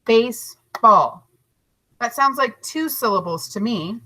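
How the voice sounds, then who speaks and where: A woman teacher giving a recorded lesson to young children, stretching out each word slowly and encouraging them. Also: medium pitch, pushed and bright, low-quality recording. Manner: slow, drawn-out modeling of words, encouraging.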